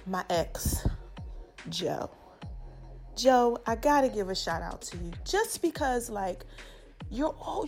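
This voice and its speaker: A woman, hosting a podcast and giving casual, affectionate shout-outs in a chatty, slangy way. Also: fairly high pitch. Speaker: podcast host.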